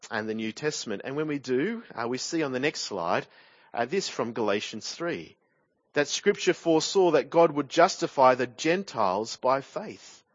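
A man delivering a sermon in a somewhat high voice, steady and explanatory. He often rounds off a point with a rhetorical tag question. The recording is dry, with a slightly dull, lo-fi sound. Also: dry recording. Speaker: preacher.

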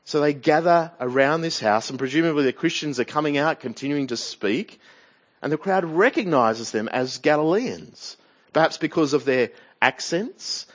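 An Australian man preaches a verse-by-verse sermon to a church congregation. His voice sits a little high for a man, and he keeps drawing his listeners in with questions. The recording is dull and lo-fi. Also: expressive, normal speed, a bit bright. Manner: expository, asks the congregation questions.

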